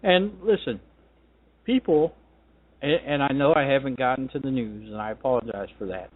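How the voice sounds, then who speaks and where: A man's voice: mid-range voice, moderate pace, husky. A man hosting a political talk radio show, delivering a combative, ranting monologue. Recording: tinny phone-line sound.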